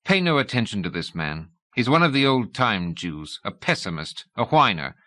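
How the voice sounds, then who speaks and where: A man doing a crisp Oxford-accented naval commander. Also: lowish voice, sing-song, normal speed, bright, forceful tone, no echo. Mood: curt. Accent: Oxford English. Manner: crisp, curt. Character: tough, arrogant male navy commander.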